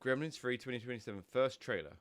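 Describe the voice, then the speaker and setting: A man's voice: mid-range voice, quick pace, very noisy. A young man with a stuffy, snotty nose from a cold, chatting casually and rambling on a live stream, swearing now and then.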